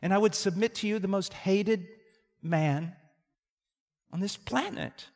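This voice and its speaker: A man in his sixties preaching a sermon, moving between forceful emphasis and hushed tones and repeating his key phrases. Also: high voice, a little slow, vocal fry. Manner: dramatic swings from loud emphasis to hushed tones. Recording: long hall reverb.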